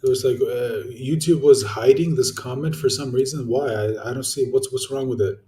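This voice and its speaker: A man's voice: medium pitch, normal speed, mellow, reverberant, recorded from a distance, a little hiss or hum. A young man ranting casually to his viewers, blunt and swearing, with lots of fillers and restarts. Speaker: YouTuber answering viewer comments.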